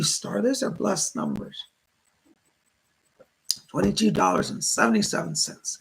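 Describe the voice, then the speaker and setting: A hoarse man doing live psychic readings, passing on spirit messages as quoted speech. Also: sits high, huge pitch swings, a little slow, long pauses, low-quality recording. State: hoarse, losing his voice. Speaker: psychic medium.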